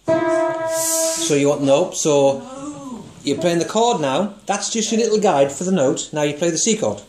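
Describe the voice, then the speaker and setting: A man's voice: high voice, expressive, moderate pace, over music. A man teaching songwriting one to one, patient and encouraging, asking guiding questions and singing short notes to show the tune. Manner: sings short notes to demonstrate. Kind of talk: one-to-one music lesson.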